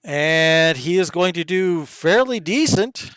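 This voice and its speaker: A man narrates a tabletop game as its game master, describing each blow and roll in lively detail. His voice sits a little high and comes through smooth and clear. The sound is close and dry, with no room echo. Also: slow. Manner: lively descriptive narration with sudden hushed asides.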